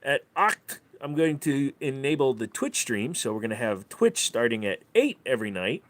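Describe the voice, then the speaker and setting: A man's voice: medium pitch, big pitch swings, moderate pace, no room sound. A man chatting casually on his livestream, playful and swearing freely, slipping into silly voices. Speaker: streamer.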